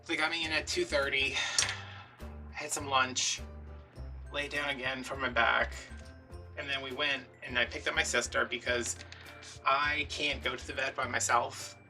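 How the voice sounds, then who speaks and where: A man casually telling a story while crafting at home, animated and chatty, acting out the other people in it. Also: mid-range voice, moderate pace, pauses often, far from the mic, faint music behind. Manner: chatty, animated retelling with quoted dialogue. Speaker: vlogger.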